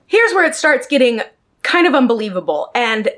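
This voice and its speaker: A woman with a high, bright voice tells a personal story straight to her viewers. She sounds animated and exasperated, and she laughs often. Her tone stays casual and heated throughout. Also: moderate pace. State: emotionally worked up. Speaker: storytime vlogger.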